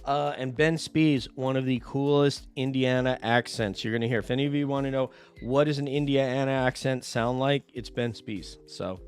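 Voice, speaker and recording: A man's voice: mid-range voice, steady tone, moderate pace, hardly any pauses, clear, resonant tone. A man hosting a casual motorcycle chat show, talking with enthusiasm and rambling a little as he sets up questions. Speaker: podcast host.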